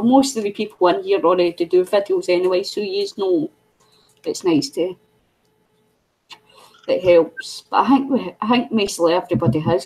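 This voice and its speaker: A woman's voice: mid-range voice, a little mellow, husky, rough recording. A middle-aged Scottish woman hosting a casual craft livestream, chatting in a loose, rambling way. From Scotland. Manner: chatty, rambling, coos at her pet. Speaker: craft channel host.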